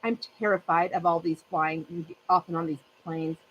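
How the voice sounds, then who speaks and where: A woman's voice: lowish voice, steady tone, normal speed, dull audio, slight background noise. A woman in her fifties hosting a craft channel, chatting casually with her livestream viewers in a rambling way and laughing often.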